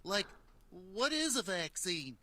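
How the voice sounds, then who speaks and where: Big Bird, bright and curious. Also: male voice, high voice, very animated, takes it slowly, no room sound, heavily acted. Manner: eager, wondering questions. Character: six-year-old giant yellow bird, curious.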